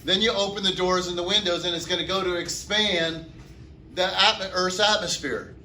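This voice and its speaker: A man's voice: high voice, fairly even intonation, moderate pace, bright, forceful tone, slight background noise. A man teaching chemistry to a classroom, asking the class questions and answering them himself. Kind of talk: classroom lecture. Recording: echoey classroom from far off.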